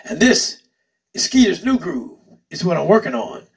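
Male host, calm and earnest, husky voice with a lively lilt. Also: sits high, moderate pace, recorded from a distance. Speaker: funk musician and host. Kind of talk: casual explanation to viewers.

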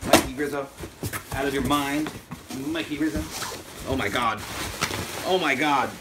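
A man hosting an unboxing vlog, exclaiming loudly over fan mail and swinging between shouts and muttered asides. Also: medium pitch, unhurried, very noisy.

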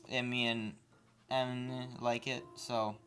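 Man, let's play co-host, deadpan quips, crude jokes, casual game commentary, faint background music. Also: mid-range voice, takes it slowly.

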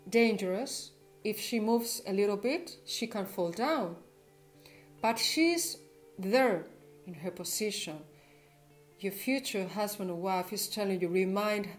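Gushing woman tarot reader, soft music behind. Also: medium pitch. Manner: gushing, affectionate, with restarts. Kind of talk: tarot reading to viewers.

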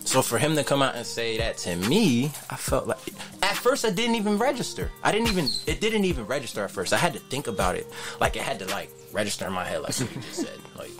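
A man guesting on a casual podcast, telling a story with animated, emphatic repeats. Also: medium pitch, quick pace, over music. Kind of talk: casual chat.

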